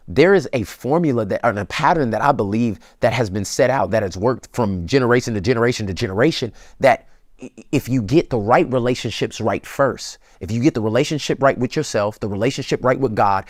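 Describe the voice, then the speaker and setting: The guest pastor's mid-range voice comes through in studio quality with no room sound. His relationship advice is colloquial and preacher-like, emphatic and building to excited highs.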